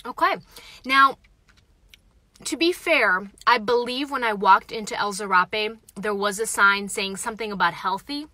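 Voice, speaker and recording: A young woman sits in a parked car reviewing a taco on a phone livestream, talking frankly with viewers between bites and reading their comments aloud. Her medium-pitched voice is bright and forceful, her pace a little slow, and the recording is dry. It's casual, chatty live-stream talk from a taco-reviewing vlogger.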